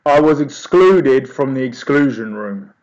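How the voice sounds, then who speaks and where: Young man, laid-back cheeky storyteller, mid pitch, easygoing chat. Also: animated, a little slow, a little mellow, dull audio.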